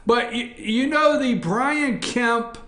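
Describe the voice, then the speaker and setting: A man's voice: very high voice, slow pace, sharp tone. A man hosting a casual morning news chat, rambling and repeating himself as he talks. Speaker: host. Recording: echoey studio room.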